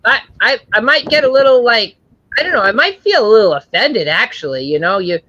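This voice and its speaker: Rambling halting man, bright voice. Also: high-pitched, expressive, muffled recording. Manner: rambling, halting, many restarts. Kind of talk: casual joking chat.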